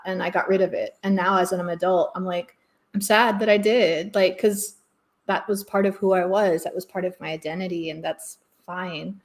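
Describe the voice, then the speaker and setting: A woman's voice: fairly low pitch, fairly even intonation, moderate pace, a little mellow. A woman from the Southern United States, a guest English teacher, speaking candidly and with passion on a video call. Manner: passionate, candid, thinking aloud. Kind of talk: casual video-call conversation.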